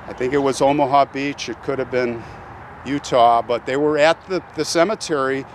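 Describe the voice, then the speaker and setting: A man of ordinary middle pitch talks earnestly and reverently to his viewers as he films outdoors at a cemetery. Faint traffic hums behind him on a handheld camera mic. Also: fairly even intonation, moderate pace. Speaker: channel host visiting a grave. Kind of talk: emotional on-location vlog.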